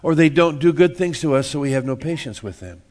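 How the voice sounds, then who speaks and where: Preaching in a church, the pastor uses an expressive, high-leaning voice with a darkish tone and a brisk pace. He keeps things folksy and funny, repeating words and playing out little scenes from daily life.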